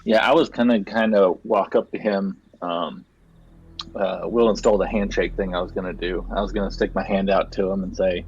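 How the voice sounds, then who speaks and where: A man's voice: low voice, steady tone, normal speed, a little hiss or hum. A man playing a cleric in a tabletop game, talking hesitantly with many fillers. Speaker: player. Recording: dull, lo-fi sound.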